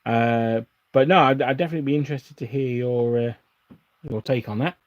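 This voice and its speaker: An Englishman hosts a live stream, building models at his desk while he chats casually, rambling, restarting often and chuckling frequently. His mid-range voice runs a little fast, with no echo and the highs cut off.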